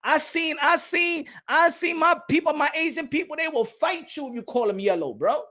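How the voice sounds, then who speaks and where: A man's voice: very high voice, expressive, normal speed, bright, forceful tone. A man hosting a boxing channel, giving a heated, profane opinion rant to camera and often repeating himself.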